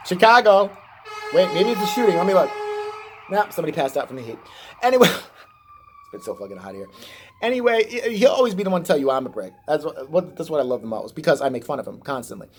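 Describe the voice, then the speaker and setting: A man's voice: a little high, big pitch swings, fast talker, breathy edge. A man ranting on his vlog in a rambling, sarcastic and profane way. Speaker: vlogger. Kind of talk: rambling satirical rant.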